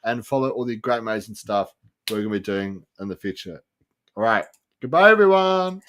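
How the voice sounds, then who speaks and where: A man's voice: fairly low pitch, fairly even intonation, fairly quick, fairly bright tone. A man hosting a podcast in a casual, giggly, rambling way. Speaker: podcast host.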